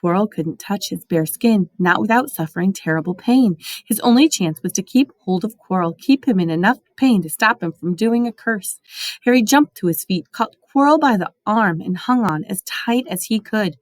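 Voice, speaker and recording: A woman reading a storybook aloud with expressive, dramatic delivery. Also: medium pitch, moderate pace, dry recording. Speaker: audiobook reader.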